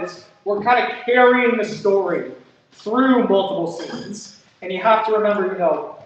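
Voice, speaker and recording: A man's voice: sits high, a little hiss or hum. A man hosting a student improv show, explaining the next game in a rambling, self-correcting way with many fillers. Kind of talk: explaining an improv format to an audience. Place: theater stage. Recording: echoey muffled stage from far off.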